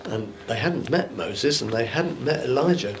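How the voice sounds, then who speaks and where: A bishop preaches in church, giving a chatty, informal Bible teaching sermon in a conversational, musing manner with rhetorical asides. His voice is medium-pitched with lively intonation and a moderate pace, and there is background noise.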